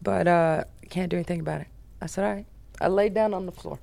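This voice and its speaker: An American woman, a business founder, telling a story as a podcast guest in a brash, profane, animated way. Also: lowish voice, quick pace, gravelly.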